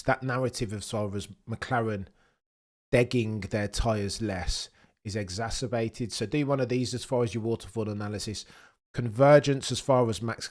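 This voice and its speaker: A British man hosting a live race watchalong, chatting with viewers in a cheeky way and swinging between loud excited bursts and low mutters. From United Kingdom. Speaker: livestream host.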